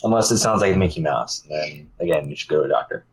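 A man's voice: extremely low pitch, fast talker, husky, rough recording. A man co-hosting a casual podcast, bantering and laughing easily. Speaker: podcast co-host.

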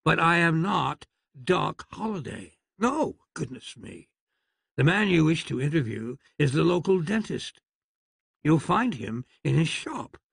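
A man's voice: a little high, creaky, fairly bright tone, husky, no room sound, clean studio sound, voice pushed up, heavily acted. A man voicing a fussy, courteous elderly doctor in a storybook reading. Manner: prim, courteous, flustered.

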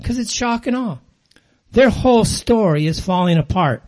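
A man's voice: high voice, expressive, normal speed, a little mellow. An older man hosting a show, delivering an angry, sarcastic monologue in blunt, ranting commentary. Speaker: show host.

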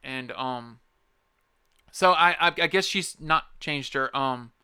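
A man's voice: mid-range voice, slow, sharp tone, smooth, no room sound. A man hosting a podcast, ranting in a casual, profane, rambling and emphatic way into a close microphone. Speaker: podcast host. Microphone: close podcast mic.

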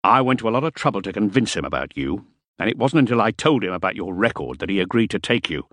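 A man's voice: fairly low pitch, expressive, fast, a bit bright, dry recording. A man voicing an impatient, domineering French ex-soldier who talks curtly and irritably. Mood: angry.

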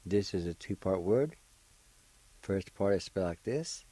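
A man teaching a language lesson on radio, spelling out words slowly and deliberately, syllable by syllable, with an encouraging manner and a Cherokee-speaking Oklahoma accent. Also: fairly low pitch, lively intonation, dark tone, no room sound, poor audio.

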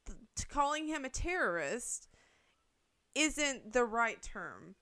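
A woman's voice: on the high side, sing-song, slow, sharp tone. A woman co-hosting a casual chat, explaining her view at length with plenty of fillers and the odd swear word. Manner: chatty, talks it through with fillers and swearing. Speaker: podcast co-host.

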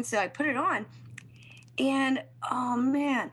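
A woman in her thirties co-hosting a casual comedy podcast, sarcastic and quick with judgy asides. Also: sits high, lively intonation, pushed and bright, husky. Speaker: podcast co-host.

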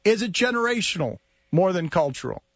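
A man hosting sports talk radio, his voice high and all over the place as he needles the panel with incredulous questions. The studio sound is dry and slightly muffled. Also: sing-song, a bit bright, no echo. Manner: incredulous, mocking, rapid-fire questions.

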